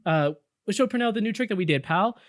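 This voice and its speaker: Eager cheerful young boy, as a man puts him on, rambling, high, dry sound. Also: expressive, fast talker, no room sound.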